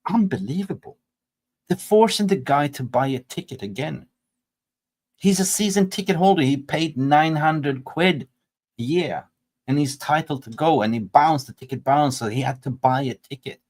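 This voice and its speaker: A man's voice: a little high, moderate pace, darkish tone. A man hosting a football fan channel, reacting with exasperated rhetorical questions. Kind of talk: reaction commentary.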